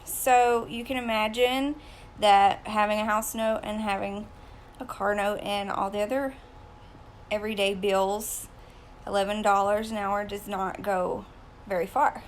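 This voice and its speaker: A woman in her thirties talking straight to her viewers in a personal vlog, hesitant and full of pauses, close to tears. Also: mid-range voice, fairly even intonation, a little hiss or hum. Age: 30s. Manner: hesitant, many ums, fighting back tears. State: emotional, close to crying. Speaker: vlogger.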